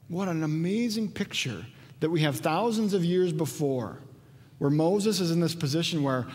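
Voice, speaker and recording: A pastor preaching a conversational sermon, animated when acting out quotes. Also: male voice, fairly high pitch, normal speed. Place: church sanctuary. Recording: long church reverb.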